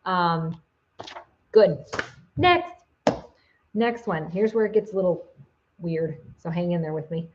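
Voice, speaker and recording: A woman's voice: on the low side, lively intonation, slow, pauses often, lo-fi sound, a little hiss or hum. A woman giving a casual video lesson as a psychic teacher, chatty, with many fillers and restarts.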